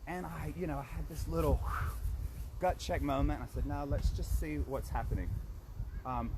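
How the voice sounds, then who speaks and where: A man guiding a walk and telling a story in a casual, chatty way, with plenty of restarts. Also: on the high side. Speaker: walk guide and community organiser. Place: outdoors by a community garden. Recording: loud outdoor noise with passing traffic.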